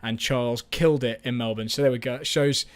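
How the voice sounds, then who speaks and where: A man's voice: mid-range voice, steady tone, fast talker, clear, resonant tone. A man hosting a casual live-stream chat, rambling and self-mocking, with frequent restarts. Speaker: host.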